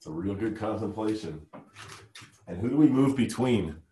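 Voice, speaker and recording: A man leading an interactive workshop, energetic and coaxing, who keeps firing questions at the group. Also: lowish voice, normal speed, slight background noise. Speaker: workshop leader.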